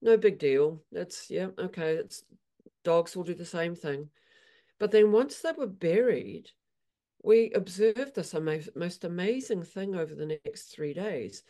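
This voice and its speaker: A woman equine therapist telling animated stories in an interview, acting out her horses' voices. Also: fairly low pitch, a little slow. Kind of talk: storytelling in an interview.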